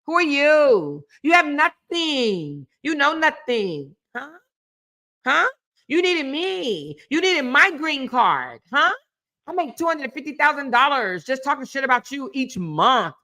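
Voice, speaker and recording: A boastful, condescending man who taunts and brags without pause, as a woman mimics him. The voice sits fairly high and bright. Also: sing-song, full character voice. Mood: taunting. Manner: bragging, taunting, mocking. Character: boastful arrogant man mocking others.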